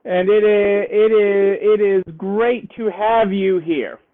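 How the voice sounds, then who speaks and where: A man's voice: high-pitched, steady tone, takes it slowly. A man hosting a casual live stream for store owners, upbeat and cheerleading, repeating his phrases and playing up a southern twang. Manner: playfully putting on a southern twang. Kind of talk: casual live stream chat greeting viewers. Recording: tinny phone-like sound.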